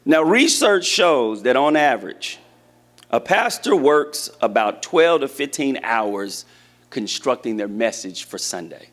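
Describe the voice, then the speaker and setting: Lively man preaching. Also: medium pitch, unhurried. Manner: lively, conversational preaching with questions to the room. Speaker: church teacher. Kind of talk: sermon to a congregation. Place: church hall with a congregation.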